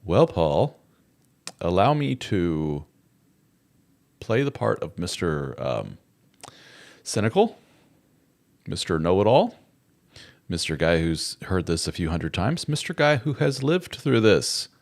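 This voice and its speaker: A middle-aged man with a deep, low-pitched voice hosts a casual live stream. His delivery is lively and full of swings in pitch. He is chatty and jokey as he greets viewers and reads out their comments. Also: slow pace, creaky, pauses often. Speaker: host of a live chat show.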